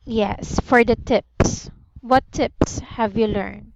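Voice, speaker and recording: A woman with a Filipino accent tutoring English on a video call, speaking slowly and patiently and often praising the student. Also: on the high side, fairly even intonation, vocal fry, darkish tone, dry recording. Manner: slow, patient, encouraging, repeats "very good". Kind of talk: one-on-one online lesson. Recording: slightly muffled lo-fi audio with faint noise.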